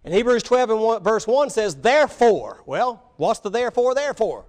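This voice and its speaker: A man preaching a sermon, telling Bible stories with animated voices and speaking directly to the children. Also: high-pitched, normal speed. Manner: animated storytelling, voicing biblical figures, addressing children. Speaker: pastor.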